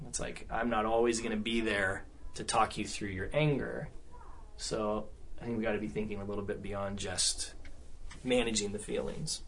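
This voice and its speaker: Man, seminar speaker, conversational, mid pitch, faint background noise. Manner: conversational, asks the room questions often. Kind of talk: seminar talk with audience discussion.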